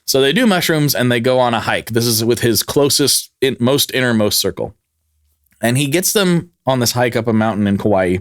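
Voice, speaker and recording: Lively joking male podcast host. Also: medium pitch, moderate pace, no echo, clean studio sound. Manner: jokey, acts out quotes in put-on voices. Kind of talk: casual storytelling chat.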